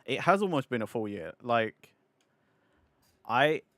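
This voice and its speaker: A man's voice: medium pitch, sing-song, a little slow, a bit bright, no room sound. A man streaming a game, chatting casually with viewers, giggling often and swearing freely. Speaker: livestreamer. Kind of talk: casual gaming stream chat.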